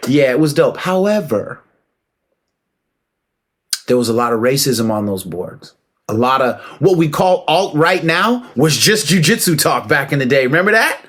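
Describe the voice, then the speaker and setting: A man giving a casual, emphatic opinion monologue, preaching and calling out to listeners with rhetorical questions and shout-outs. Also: on the high side, big pitch swings, normal speed. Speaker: martial arts commentator.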